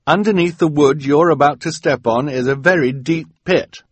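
A man's voice: fairly high pitch, moderate pace, slightly rough, dry recording, pitched above the performer's own voice. A man voicing a serious, bookish young boy who speaks firmly.

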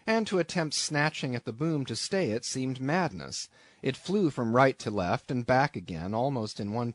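A man narrating a classic novel as an audiobook, in an expressive, measured storytelling manner. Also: medium pitch, no room sound.

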